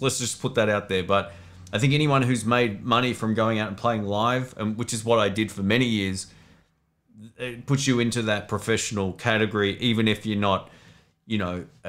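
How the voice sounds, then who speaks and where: Aussie guy hosting a live q&a from his home studio, lowish voice, rambly and relaxed. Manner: relaxed, rambling, reads chat comments aloud. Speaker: livestream host answering viewer questions. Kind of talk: casual live Q&A chat.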